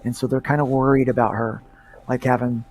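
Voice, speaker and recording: A comic creator who is also a pastor guests on a casual livestream chat, rambling in a laid-back way with lots of fillers. His mid-range voice is level and fairly quick, with a crowd audible in the background.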